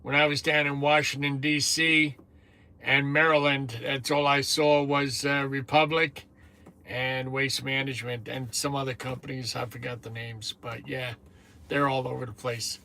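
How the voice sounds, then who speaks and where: Chatty fifties man with a bright voice. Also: medium pitch, little pitch movement, moderate pace. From New Jersey. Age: 50s. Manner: chatty, greets viewers by name, swears casually. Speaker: truck driver livestream host. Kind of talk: casual live chat. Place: truck cab on lunch break.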